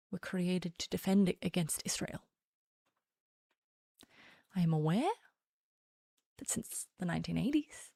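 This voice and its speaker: A woman's voice: mid-range voice, creaky, slightly rough, no room sound. An Australian woman doing casual political commentary on a stream, blunt and sarcastic, often laughing.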